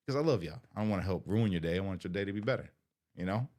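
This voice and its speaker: A man's voice: deep voice, expressive, very fast, darkish tone. A middle-aged man, a vlogger, talking in an earnest, emotional, rambling way to his viewers, often saying "you know". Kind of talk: heartfelt casual talk to viewers.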